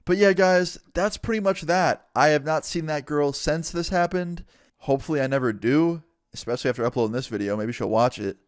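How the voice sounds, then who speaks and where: A man's voice: fairly high pitch, a little fast, no room sound. Young man telling a story, dry sound. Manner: animated retelling with casual swearing. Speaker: storytime vlogger. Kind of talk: casual storytelling.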